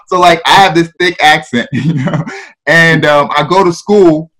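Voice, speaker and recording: A man with a Ghanaian accent shares his story as an interview guest. His voice sits a touch higher than most men's. He talks in a relaxed way, laughs as he goes and often tags on "you know". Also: normal speed.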